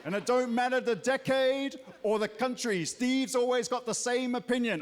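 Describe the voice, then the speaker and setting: A man's voice: very high-pitched, moderate pace, few pauses, big-room sound, background noise. A New Zealand man in his thirties doing a stand-up set on a theatre stage, punchy, with mocking asides. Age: 30s. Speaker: stand-up comedian.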